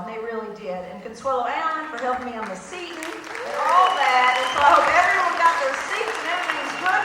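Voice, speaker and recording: High-pitched woman hosting a live show, chatty and self-mocking, caught at a distance in a roomy theater with a crowd around her. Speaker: show host. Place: large theater stage. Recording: echoey live theater recording from far off.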